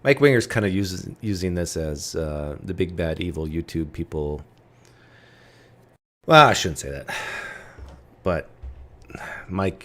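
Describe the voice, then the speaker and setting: A man hosting a livestream, talking bluntly and casually in a provocative, chatty way. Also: sits low. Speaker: livestream host.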